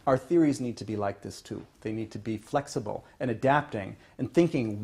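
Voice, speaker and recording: A male economics professor giving a university lecture, checking in with "okay?" and restarting phrases, pushing some points louder and letting others trail off. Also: fairly low pitch, brisk, vocal fry, breathy edge. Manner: emphatic, builds to louder points then trails off. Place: lecture classroom.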